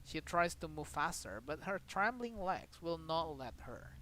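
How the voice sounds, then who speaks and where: A game streamer, reading a story game's text aloud in a dramatic way, with sudden loud outbursts. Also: mid-range voice, sing-song, measured pace, a little hiss or hum, low-quality recording. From Indonesia.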